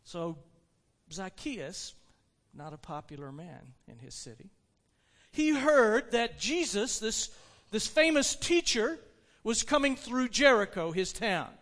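A man preaching a sermon, retelling a story with animated delivery and frequent restarts. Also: high-pitched, slow. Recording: long hall reverb.

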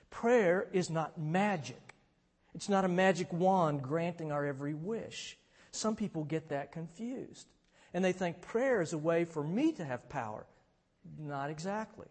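A man preaching a sermon in a relaxed, conversational way, now and then rising to shouts as he retells a story. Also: on the high side. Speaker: pastor. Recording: long hall reverb.

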